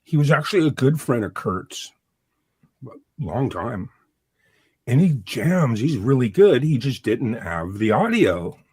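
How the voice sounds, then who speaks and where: A man's voice: medium pitch, big pitch swings, a little slow, darkish tone, husky, no room sound. A man organizing a music festival, chatting in an upbeat, rambling way with fillers as a guest. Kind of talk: casual chat.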